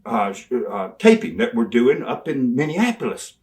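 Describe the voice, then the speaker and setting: An older man, telling animated, folksy stories as an interview guest and laughing along the way. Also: medium pitch, moderate pace. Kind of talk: storytelling in a sit-down interview.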